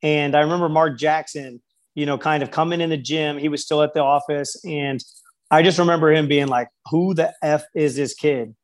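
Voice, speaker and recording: Telling stories in an interview conversation, this basketball skills coach speaks fairly quickly at a fairly high pitch. When he quotes people, he acts them out in lively voices.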